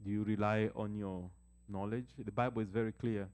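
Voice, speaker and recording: Male pastor, warm low-key timbre, preaching with building emphasis. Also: steady tone. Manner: preaching with rising emphasis, slows to read scripture. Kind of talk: sermon.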